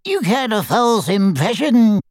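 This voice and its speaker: A reader voicing a sly, higher-voiced male goblin who talks in a cold, clipped, mocking way. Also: very animated, measured pace, a little mellow, dry recording, studio quality. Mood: scornful. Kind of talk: audiobook character voice.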